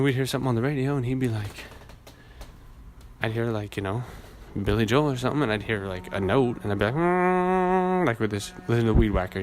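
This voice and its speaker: A man with a naturally low voice hosting a casual solo podcast, rambling and laid-back, swearing often. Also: a little hiss or hum. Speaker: podcast host. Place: outdoors in a city, weed whacker nearby.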